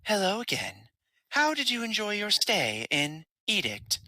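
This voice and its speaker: Polite automated elevator voice over a crackly speaker, chirpy and formal, pitched up; a man puts it on. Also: huge pitch swings, unhurried, bright, forceful tone, no room sound, full character voice. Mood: chipper.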